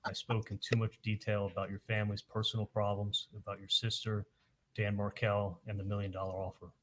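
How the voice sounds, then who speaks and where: A man on the witness stand, recounting events haltingly and quoting the dialogue in detail. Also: on the low side, level tone, slight background noise. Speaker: witness testifying at a trial. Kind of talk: courtroom testimony.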